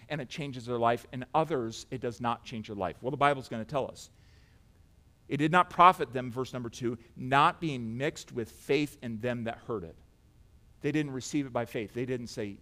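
A man preaching a sermon, repeating words and swinging between emphatic declarations and quiet, hushed passages. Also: high-pitched, normal speed.

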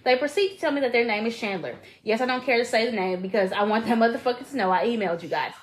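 A woman's voice: a little high, rapid-fire, low-quality recording. A woman co-hosting a podcast, reading a listener's email aloud with dramatic emphasis and giving blunt, profane advice in casual chat. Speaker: podcast co-host.

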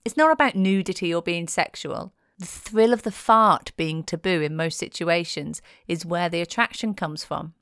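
A woman's voice: on the low side, no room sound, studio quality. A woman presenting in a playful, cheeky tone, reading a scripted narration.

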